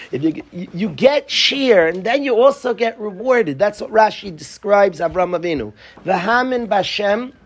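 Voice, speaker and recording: A man teaching a Torah class to students, pleading and passionate, joking with them at times. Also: high-pitched.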